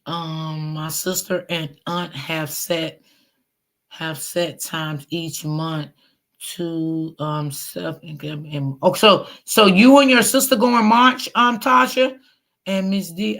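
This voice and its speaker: Gravelly middle-aged woman chatting to viewers. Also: on the low side, fairly bright tone. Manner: chatty, talks straight to viewers. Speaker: livestream host. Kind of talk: casual livestream chat, reading viewer comments.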